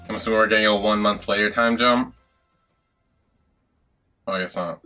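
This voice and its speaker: A man giving casual, animated reaction commentary while he watches a show. He swears freely and breaks into laughing asides. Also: lowish voice, moderate pace, long pauses, soft background music. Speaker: reaction video host.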